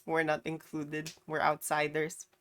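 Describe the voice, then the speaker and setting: A woman's voice: low voice, monotone, a little slow, a little hiss or hum. A woman streamer chatting casually while reacting to a clip, rambling and trailing off. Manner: rambling, many fillers and restarts.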